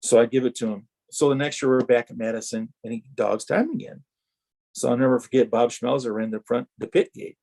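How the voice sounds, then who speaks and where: Gravelly raspy middle-aged man storyteller. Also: mid-range voice, a little fast. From Wisconsin. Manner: animated anecdotes, acts out quoted exchanges. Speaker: retired racer, podcast guest. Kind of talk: rambling storytelling.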